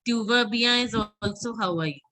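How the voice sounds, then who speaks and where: A woman teaching an online French class, patiently repeating words slowly so students can drill them. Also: fairly high pitch, bright, forceful tone, poor audio.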